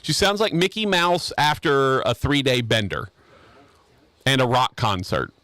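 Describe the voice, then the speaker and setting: A man's voice: medium pitch, expressive, a little slow, pushed and bright, no room sound. A man hosting a casual sports radio show, rambling and joking with restarts. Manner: rambling, joking, repeats himself. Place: radio studio.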